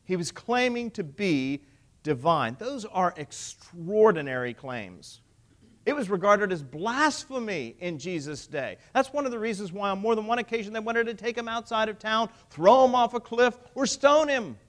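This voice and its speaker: A man delivers a sermon in a voice pitched higher than most men's. He builds to emphatic points and keeps putting rhetorical questions to his listeners. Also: lively intonation, normal speed. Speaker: preacher.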